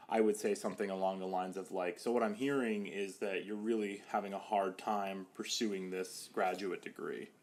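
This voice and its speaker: A man's voice: lowish voice, normal speed, hardly any pauses. A young man, a psychotherapist, talking casually on a podcast, with many "like" fillers, and slipping into quoted voices now and then.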